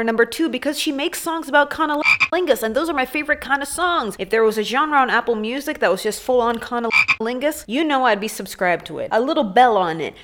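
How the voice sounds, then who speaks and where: A woman giving a crude, sarcastic comedic commentary monologue, often jumping into high, squeaky asides. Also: a bit bright.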